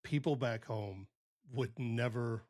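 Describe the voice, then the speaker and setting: A male interview host asks his questions slowly and deliberately. His pitch sits in the middle range, and his manner is measured and thoughtful. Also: a little mellow.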